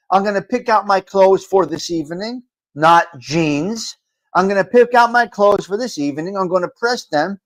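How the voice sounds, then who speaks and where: A man with a New York accent hosting a live talk show, rambling and repeating himself with some swearing. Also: high voice. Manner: rambling and repetitive, profane. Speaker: host.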